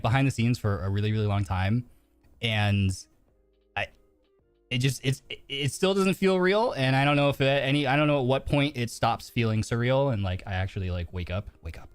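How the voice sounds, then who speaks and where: A man's voice: medium pitch, normal speed, no echo. A man streaming live, rambling through heavy fillers, nervous, earnest and openly emotional. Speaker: virtual streamer. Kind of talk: casual live-stream chat. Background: faint background music.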